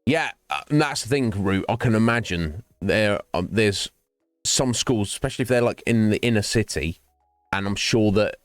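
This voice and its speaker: A man's voice: on the low side, expressive, normal speed, no room sound, faint music behind. A man chatting casually with viewers during a game stream, rambling from topic to topic. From United Kingdom. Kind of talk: casual chat while gaming.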